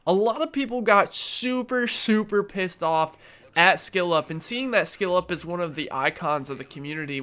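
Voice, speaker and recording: Man, young adult, nasal, stuffy from allergies, slightly high voice, earnest, conversational vlog commentary. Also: bright, forceful tone. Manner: earnest, opinionated, conversational with fillers. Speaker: gaming YouTuber.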